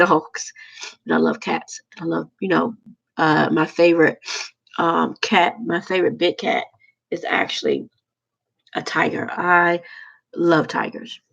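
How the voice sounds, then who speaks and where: Woman, casual vlog monologue, halting and rambling, very gravelly, breathy. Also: on the low side, level tone, a bit bright, lo-fi sound. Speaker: vlogger.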